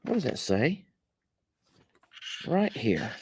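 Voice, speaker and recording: Folksy man with a lively voice. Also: medium pitch, takes it slowly, a little hiss or hum. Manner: folksy, chatty, talks straight to viewers. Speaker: vlog host. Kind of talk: casual vlog chat while opening gifts.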